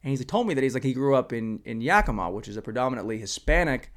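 A young man podcasting alone in his room, rambling and profane, swinging between loud rants and muttered asides. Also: medium pitch, lively intonation, fast. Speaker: solo podcaster. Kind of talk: casual comedic monologue.

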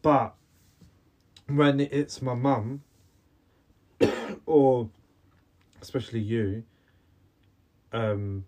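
Halting, earnest man in casual chat. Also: mid-range voice, a little mellow. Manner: earnest, halting, with many restarts. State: coughing. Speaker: podcast co-host.

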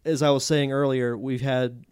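A man's voice: medium pitch, steady tone, normal speed, darkish tone, clear, resonant tone, dry recording, clean studio sound. Casual male podcast host asking questions. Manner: casual, rambling questions with fillers. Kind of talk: interview questions.

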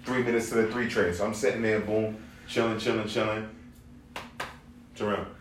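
A man telling stories in a casual chat, animated and full of slang, acting out what people said to him. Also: fairly low pitch, fairly quick, slight background noise. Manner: animated, slangy, acts out quoted dialogue. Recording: echoey room, mic at a distance.

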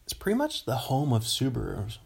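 A man's voice: mid-range voice, huge pitch swings, fairly quick, gravelly, breathy edge. A man from the Pacific Northwest hosting a casual podcast monologue, meandering from topic to topic and chuckling to himself. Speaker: podcast host.

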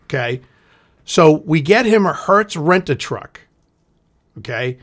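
A man spins a story for his podcast partner. His voice sits a little high, and he swears freely while acting out the quotes. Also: expressive, takes it slowly, fairly bright tone. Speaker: podcast co-host. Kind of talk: casual storytelling chat.

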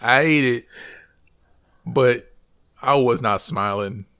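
A man co-hosting a casual podcast, ranting in an animated, comic way. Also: medium pitch, slow pace, clean tone. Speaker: podcast co-host.

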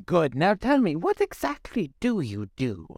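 A man's voice: fairly high pitch, huge pitch swings, measured pace, vocal fry, a little mellow, no room sound, clean studio sound, pitched above the performer's own voice, exaggerated voice. A man voicing a cruel old female sea witch, scornful and menacing in her speech. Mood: demanding.

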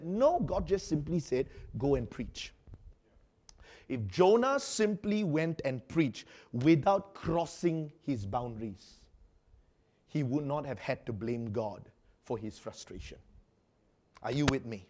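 Man, pastor, evening sermon, animated preaching, fairly high voice, sudden loud bursts. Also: measured pace.

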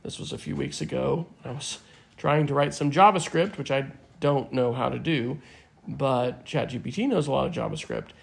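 A man's voice: medium pitch, moderate pace, creaky, breathy edge. A man in his fifties, a podcast co-host, chatting casually in a reflective, rambling way with fillers. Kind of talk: casual chat.

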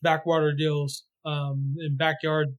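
A man with a slightly raised pitch talks through his picks on a casual sports podcast. He rambles, restarts his sentences and fills the gaps with "uh" and "you know.". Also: slow. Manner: relaxed, rambling with many fillers and restarts. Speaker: podcast co-host.

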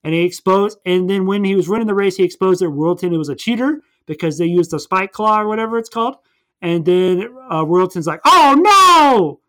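A young man with a somewhat high-pitched voice rambles through a movie plot in casual conversation. He tells it in an animated way and slips into quick character voices as he goes. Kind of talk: casual movie recap chat.

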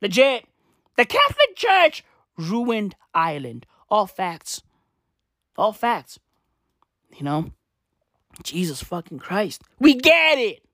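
A woman's voice: medium pitch, huge pitch swings, takes it slowly, pauses often, fairly bright tone, no room sound, studio quality. A young woman ranting in a profane comic monologue, slangy and repetitive, laughing at her own jokes.

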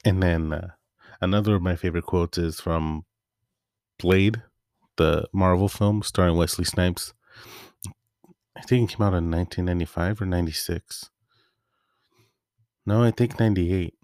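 A man's voice: low voice, fairly even intonation, moderate pace, pauses often, a little mellow, no echo, studio quality. A man hosting a solo podcast, talking in a loose, rambling, offhand way. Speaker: podcast host. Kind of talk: casual solo monologue.

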